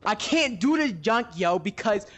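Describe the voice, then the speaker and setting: A man doing excited gameplay commentary, yelling panicked repeats and then dropping to hushed whispers, straining his voice. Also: high-pitched, measured pace. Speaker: gaming YouTuber.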